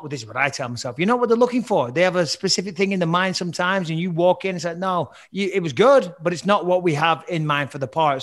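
Fast-talking man with slight British-American accent. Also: sits high. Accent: British English with slight American twang. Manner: animated storyteller, self-deprecating. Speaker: actor and podcast guest. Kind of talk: casual chat.

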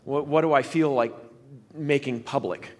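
A man talking casually as a podcast guest on stage, excitable and laughing, with halting restarts. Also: mid-range voice. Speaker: science guest. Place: live stage before audience.

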